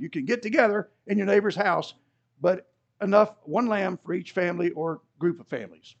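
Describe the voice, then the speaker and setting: A man's voice: high-pitched, moderate pace, vocal fry. A man preaching a sermon in a conversational way, with asides and dry humor, heard on a dull lo-fi recording. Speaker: pastor.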